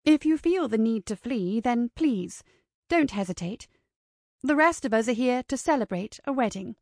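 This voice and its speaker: A woman voicing an earnest, prim young vampire woman who speaks crisply, in a storybook reading. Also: on the high side, expressive, moderate pace, a little mellow, dry recording, studio quality.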